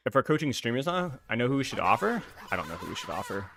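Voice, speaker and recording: A man's voice: mid-range voice, big pitch swings, quick pace, creaky, fairly bright tone. A man streaming, chatting casually with viewers while gaming, laughing often and using lots of filler words. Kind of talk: casual live-stream chat.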